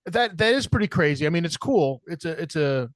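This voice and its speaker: A man hosting a casual interview, who laughs easily and asks halting follow-up questions. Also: a little high, animated, no echo, clean studio sound. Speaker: podcast host.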